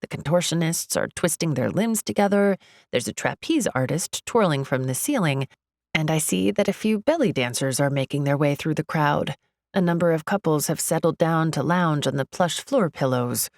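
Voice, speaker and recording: A woman narrating a first-person romance audiobook in a measured, wry manner. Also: deep voice, expressive, darkish tone, no echo, clean studio sound.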